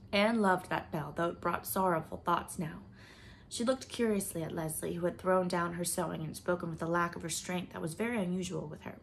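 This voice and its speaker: A woman reading a classic novel aloud in a measured storybook narration. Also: fairly low pitch, a little hiss or hum. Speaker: audiobook reader.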